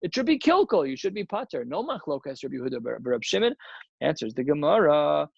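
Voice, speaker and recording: A man's voice: fairly high pitch, very animated, quick pace, vocal fry, husky, dry recording, dull audio. A man teaching a daily Talmud lesson as a rabbi, emphatic and full of rhetorical questions, working through the text aloud.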